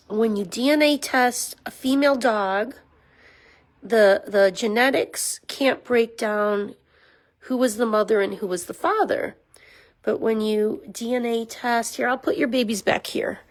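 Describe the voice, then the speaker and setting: A woman rescue volunteer chatting casually at home, rambling with ums and slipping into soft baby talk for a dog. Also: a little high, rough recording. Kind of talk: casual talking-head explainer to camera. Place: small room at home with a puppy pen, indoors.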